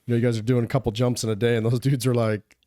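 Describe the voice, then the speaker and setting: A man's voice: medium pitch, little pitch movement, rapid-fire, mellow, no room sound, clean studio sound. A man hosting a podcast, asking his guest easygoing questions. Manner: easygoing questions, says "you know" often. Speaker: podcast host. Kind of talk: casual interview.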